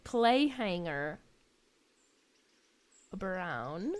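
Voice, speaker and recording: A woman streaming a game, chatty and giggly, thinking out loud as she plays. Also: on the low side, very animated, very slow, smooth. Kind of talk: casual game reaction stream.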